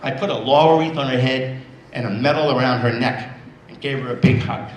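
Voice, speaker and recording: A man's voice: mid-range voice, brisk. Man in his sixties, motivational assembly speaker, punchy repeated phrases, roomy hall, faint background hum. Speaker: guest speaker at a school assembly. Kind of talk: motivational storytelling.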